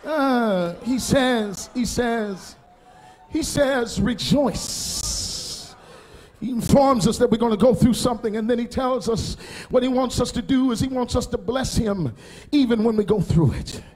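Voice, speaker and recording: A middle-aged pastor preaching a sermon, building to shouts and chanted, half-sung phrases. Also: male voice, very high voice, normal speed, a little hiss or hum. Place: church sanctuary before a congregation.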